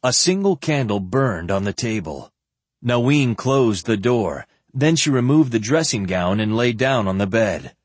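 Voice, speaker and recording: A man narrating an audiobook in a low, husky voice. His reading moves freely up and down in pitch, measured and steady in pace. The recording is close and dry. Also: dry recording. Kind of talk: scripted narration.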